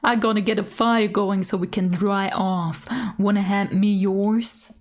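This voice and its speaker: A woman's voice: mid-range voice, level tone, a little slow, lightly acted. A woman voicing a burly, friendly adult man in a video game, speaking in an easygoing, plain way.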